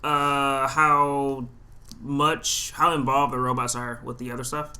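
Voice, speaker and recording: A man's voice: mid-range voice, flat delivery, slow pace, sharp tone. A man co-hosting a podcast in casual chat, full of fan trivia, with lots of fillers. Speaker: podcast co-host.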